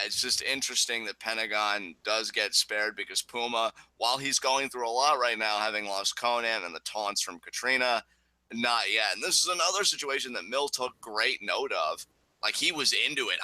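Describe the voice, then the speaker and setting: A man's voice: on the low side, pushed and bright, dry recording. A man co-hosting a casual wrestling review chat, talking with enthusiasm. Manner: enthusiastic, acts out quoted lines in bursts. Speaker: co-host reviewing wrestling episodes.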